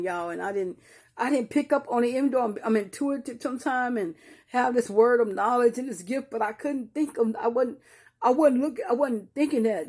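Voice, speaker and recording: On the high side and a little mellow, an older woman's voice carries her personal story as a grieving mother. She talks straight to her viewers, calling them "y'all," and frequently repeats or restarts sentences amid painful memories.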